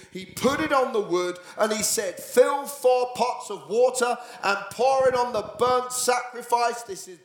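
A man preaching a sermon in a church, telling the story with lively voices and bursts of shouting. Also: very high voice. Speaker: pastor. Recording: echoey church hall.

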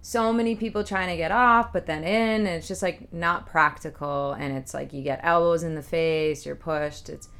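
A woman's voice: low-pitched, fairly even intonation, moderate pace, hardly any pauses, a bit bright, clear, resonant tone. A woman from the United States co-hosting a podcast, chatting casually and often saying "like". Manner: chatty, lots of "like" fillers. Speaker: podcast co-host. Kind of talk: casual chat.

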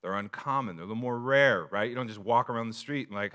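A man's voice: medium pitch, fast, a bit bright, smooth. A man preaching a sermon to his congregation, in a conversational style with rhetorical questions and frequent restarts. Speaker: pastor.

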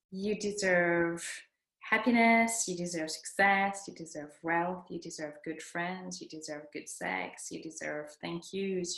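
Slow-talking woman giving an echoey motivational talk. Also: fairly low pitch. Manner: earnest, repeats lines for emphasis. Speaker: motivational speaker. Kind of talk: motivational self-help talk. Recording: echoey room.

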